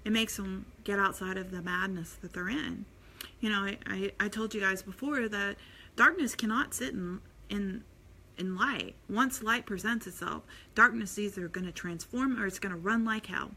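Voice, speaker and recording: A woman's voice: mid-range voice, normal speed, pushed and bright. A middle-aged woman giving a casual, rambling, earnest inspirational talk as a spiritual vlogger. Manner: rambling, many fillers and restarts, earnest.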